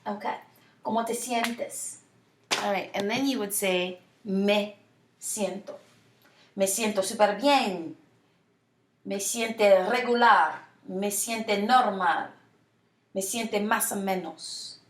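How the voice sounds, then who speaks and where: A woman teaching a Spanish lesson from home, drawing out model phrases slowly so students can repeat them. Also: medium pitch. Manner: slow, drawn-out model phrases for repetition. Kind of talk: online language lesson. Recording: echoey room.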